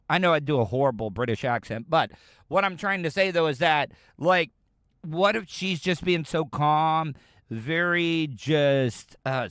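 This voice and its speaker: Chatty american guy rambling on his podcast, bright tense voice, dry close sound. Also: fairly high pitch, clean tone, dry recording. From United States. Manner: rambling, chatty, frequent restarts. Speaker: podcast host. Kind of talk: casual reaction commentary.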